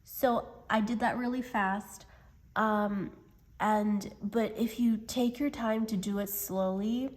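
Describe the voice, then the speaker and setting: A woman talks through a spiritual tarot reading at a slow, drawn-out pace. She speaks gently and hesitantly, often pausing and filling gaps with soft fillers. Her voice is mid-pitched and close to the mic. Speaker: tarot reader.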